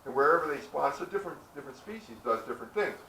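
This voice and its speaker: A man's voice: on the high side, animated, bright, forceful tone, a little hiss or hum. Man, speaking from a distance. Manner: halting, restarts, asks the audience questions. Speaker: presenter. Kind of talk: casual public talk. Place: outdoor historic site. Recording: echoey and distant from the mic.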